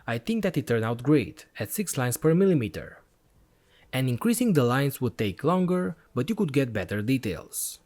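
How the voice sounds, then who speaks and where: Lively, enthusiastic man reviewing gear. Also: medium pitch, moderate pace. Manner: enthusiastic, explanatory step-by-step. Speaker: electronics channel host. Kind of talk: product review voice-over.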